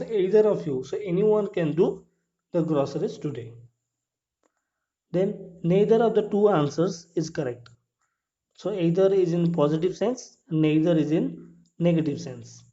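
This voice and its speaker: A man walks through English grammar rules, repeating each point and asking his listeners whether it is clear. His English is non-native, with small grammar slips. His voice sits a little high and mellow, on a dull lo-fi recording. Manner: explains step by step, repeats points, asks "clear?". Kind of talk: classroom grammar lesson.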